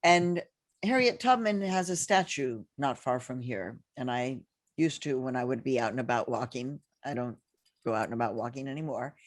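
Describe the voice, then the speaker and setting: A woman's voice: extremely low pitch, normal speed, no room sound, studio quality. A woman moderating a panel discussion over a video call, speaking in a reflective, personal way with fillers and restarts.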